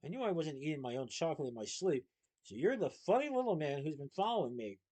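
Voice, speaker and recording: A man's voice: a little high, very animated, fast, darkish tone. A man voicing an eager, earnest young male chocolate maker who gets flustered, in a storybook reading.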